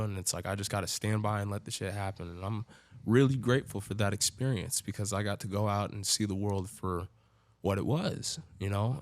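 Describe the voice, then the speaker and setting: A man's voice: on the low side, dry recording. A man telling his own story as a podcast guest in a loose, profane way, full of filler words. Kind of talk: casual storytelling.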